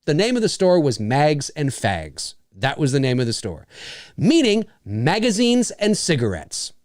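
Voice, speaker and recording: Rambling Canadian man, slightly high voice. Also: wildly swooping pitch, a little slow, darkish tone, no echo, clean studio sound. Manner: rambling, emphatic, blunt. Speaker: podcast co-host. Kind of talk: casual chat.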